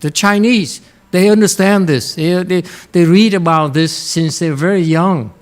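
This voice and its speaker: A man teaching Chan meditation to students in a Dharma lecture, blunt and direct, often pausing to check in. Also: high-pitched. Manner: blunt, frequently checks in with "Okay?".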